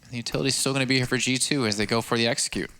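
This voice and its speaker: A man commentating live on an esports match in a measured, analytical way. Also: mid-range voice, steady tone, background noise.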